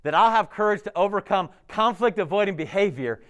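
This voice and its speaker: A man preaching a sermon, his fairly high voice swinging widely up and down. He talks to the congregation in a casual, animated way, laughing and throwing in asides. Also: fairly quick, clean tone. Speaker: pastor.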